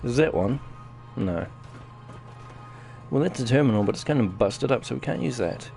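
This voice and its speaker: A man's voice: medium pitch, lively intonation, moderate pace, creaky, darkish tone, soft background music. A man with a New Zealand accent giving casual live-stream commentary while playing a game, chatting to his viewers as he goes. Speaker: gaming streamer.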